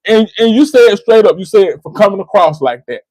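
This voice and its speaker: A US man hosting a livestream gives passionate commentary, repeating phrases for emphasis and addressing a listener by name. His high voice is expressive, a little fast and slightly mellow, over a rough recording with some hiss or hum.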